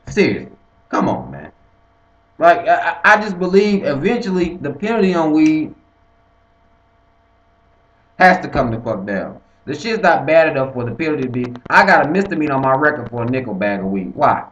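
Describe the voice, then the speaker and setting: A man's voice: on the high side, normal speed. Profane man ranting in an echoey room. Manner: animated, swearing freely, repeats himself. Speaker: vlogger. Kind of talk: profane casual rant to camera. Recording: echoey room, dull lo-fi sound.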